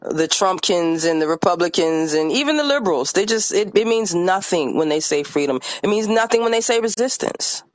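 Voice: mid-range voice, expressive, fairly quick, hardly any pauses, dry recording. Furious, swearing artist-activist. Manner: angry, emphatic, swears often. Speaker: guest, independent artist and activist. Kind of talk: impassioned podcast conversation.

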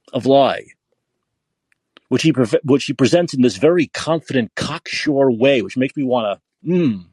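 Angry, foul-mouthed male podcaster on a rant, husky, dry close sound. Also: mid-range voice, darkish tone, no room sound. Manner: angry, profane, repetitive ranting. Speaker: podcast host. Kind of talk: political rant.

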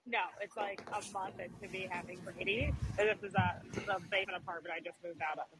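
A woman in casual podcast chat, an animated storyteller who acts out the voices of the people she quotes. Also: medium pitch, quick pace, background noise.

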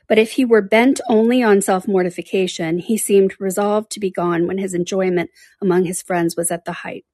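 A woman reading a classic novel aloud in a measured, careful way. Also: mid-range voice, darkish tone, no echo. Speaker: audiobook reader.

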